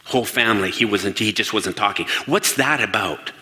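A man giving a lively talk to an audience in a large hall. He asks the listeners questions and acts out the voices he quotes. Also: fairly low pitch, moderate pace. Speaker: speaker addressing an audience. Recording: long reverb of a large hall.

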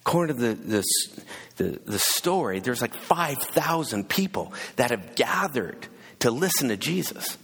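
A gravelly, husky-voiced man tells a story in a relaxed conversational sermon, pausing and restarting as he goes. His voice rings out with a long reverb in the hall. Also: mid-range voice. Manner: casual, hesitant retelling with asides.

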